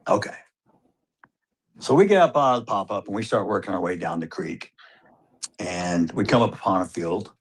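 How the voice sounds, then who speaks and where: A man's voice: low voice, animated, moderate pace, pauses often, slightly rough. A man telling a hunting story as a father, recounting it vividly and acting out the exchanges. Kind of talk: recorded storytelling.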